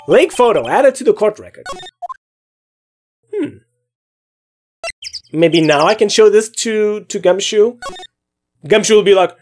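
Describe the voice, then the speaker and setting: A woman's voice: mid-range voice, lively intonation, a little slow, pauses often, a little mellow, slight background noise. A woman streamer giving casual, rambling let's play commentary. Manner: casual, rambling, self-interrupting.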